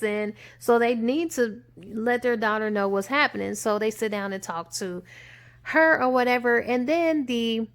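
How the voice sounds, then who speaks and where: A woman casually retelling a film's plot, acting out the characters' lines in quick quoted bursts. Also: medium pitch. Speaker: movie reviewer. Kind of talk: casual spoken movie recap.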